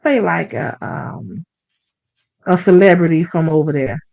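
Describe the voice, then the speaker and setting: A woman's voice: low-pitched, animated, measured pace, gravelly, dry recording. A woman chatting casually on a talk show, telling stories in a rambling way and acting out what people said. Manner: rambling storyteller who acts out quotes. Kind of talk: casual chat. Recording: dry, dull lo-fi sound.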